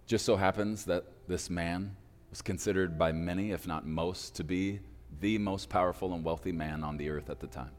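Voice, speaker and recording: Deep-voiced male preacher telling a story. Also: fairly even intonation. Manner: dramatic pauses, slowing for emphasis. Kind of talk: sermon storytelling. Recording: reverberant hall with faint music.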